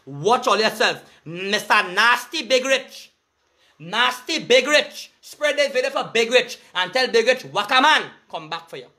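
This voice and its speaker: A man's voice: very high-pitched, lively intonation, unhurried, bright, forceful tone. A man with a Trinidadian accent delivering an angry, profane street rant in heavy Creole dialect, cursing and making threats. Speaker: vlogger.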